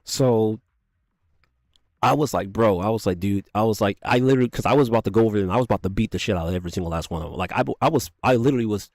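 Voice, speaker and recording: A young man recounts a story in a loose, profane, animated way, slipping into quoted lines. His voice sits a little low. The sound is dry and close, with no room around it. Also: rapid-fire, no room sound. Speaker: streamer telling a story. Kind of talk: casual storytelling.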